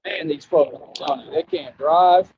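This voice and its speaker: A man's voice: a little high, slow. A young man with an American country accent, a live streamer delivering a brash, preachy rant to his viewers. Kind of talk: ranting monologue to viewers. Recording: dull lo-fi stream audio with faint noise.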